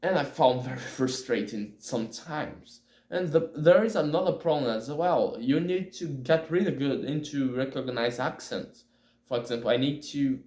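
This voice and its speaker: A man learning English, talking in a hesitant, halting way and often correcting himself as he chats casually on camera. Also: on the high side, a little mellow. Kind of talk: casual spoken monologue. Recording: echoey room.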